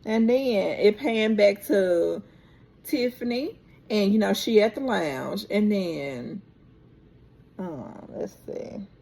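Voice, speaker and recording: A woman vlogger recaps a TV episode in a chatty, unhurried way. Her pitch swings widely as she tells the story, and her voice carries a gravelly edge. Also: a little hiss or hum. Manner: chatty, animated, drawn-out storytelling.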